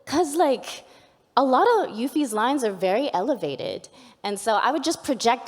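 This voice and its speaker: A woman with a somewhat high voice tells a story chattily, full of fillers. She is a voice actor on a live panel, and her mic rings with a long reverb from a large hall. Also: expressive. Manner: chatty, lots of fillers, quick to laugh. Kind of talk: casual storytelling.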